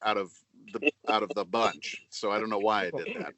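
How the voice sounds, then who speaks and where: Middle-aged guy, low voice, earnest, lots of ums, dry close sound. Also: steady tone, pushed and bright, dry recording. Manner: measured and earnest, many fillers and restarts. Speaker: guest voice actor. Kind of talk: casual interview.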